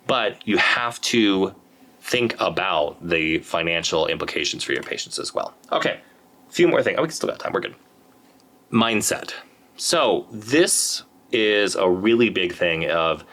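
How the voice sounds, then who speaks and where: A man's voice: low-pitched, fairly bright tone. A man giving a casual, conversational lecture to other dentists, acting out patient quotes now and then. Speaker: endodontist educator. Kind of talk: lecture presentation.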